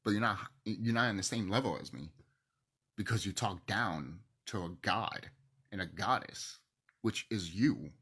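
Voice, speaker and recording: Husky guy ranting to camera, low-ish voice, gets loud then drops to almost a whisper, kinda teary. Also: a little slow. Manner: passionate, swings between loud outbursts and hushed near-whispers, swears. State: emotional, teary. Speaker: video host.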